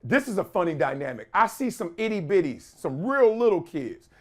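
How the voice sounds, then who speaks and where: A man hosts a podcast with lively, casual commentary, laughing a lot and dropping into quick impressions of other people. His voice sits high.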